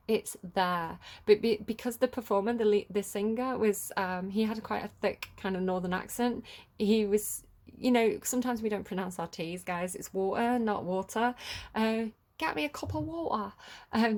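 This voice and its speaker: A woman giving a casual collective tarot reading, chatty and rambling with many fillers. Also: mid-range voice. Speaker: tarot reader.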